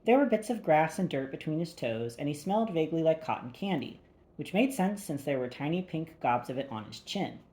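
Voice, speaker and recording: A woman's voice: low-pitched, expressive, fairly quick, warm tone. A woman narrating a first-person thriller audiobook with a wry, dry delivery.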